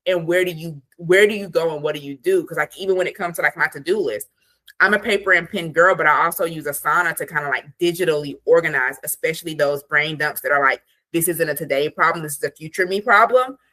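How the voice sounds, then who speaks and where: Low, bright-voiced woman guest, chatty. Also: fast. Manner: chatty, lots of "like", animated asides. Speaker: podcast guest, attorney and productivity coach. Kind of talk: casual interview chat.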